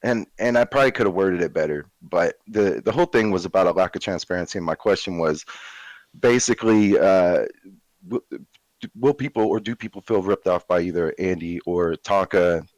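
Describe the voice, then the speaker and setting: Low-voiced man explaining himself. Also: a little fast, no echo, low-quality recording. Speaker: call-in guest. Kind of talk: casual call.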